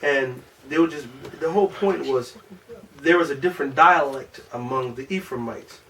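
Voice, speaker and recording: A man's voice: medium pitch, normal speed, fairly bright tone. Man teaching, far from the mic. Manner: loose, rambling, with many restarts and slang. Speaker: class teacher. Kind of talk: informal classroom lesson. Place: classroom. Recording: distant from the mic, faint room noise.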